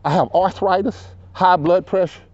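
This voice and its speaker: A man in his fifties talks loud and rambles, circling back with "you know what I'm saying" as he tells his story. His voice sits high for a man, and the recording is dull and lo-fi. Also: fairly even intonation, normal speed, no echo. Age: 50s. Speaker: local resident telling his story. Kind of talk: casual conversation.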